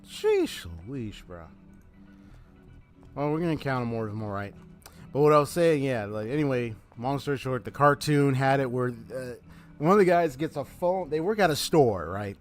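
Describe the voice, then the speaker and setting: This gaming streamer has a mid-range, animated voice at normal speed, with soft music playing in the background. He chats casually during live gameplay, telling a story, laughing often, and reading game dialogue aloud.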